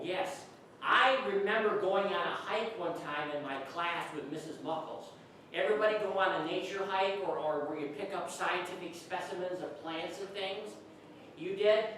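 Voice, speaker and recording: A man's voice: high-pitched, fairly bright tone. Man telling kids' stories in an echoey hall. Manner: playful, chatty, asks kids questions. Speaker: children's entertainer. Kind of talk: comic storytelling to children. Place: church hall. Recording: very echoey hall, distant, faint hiss.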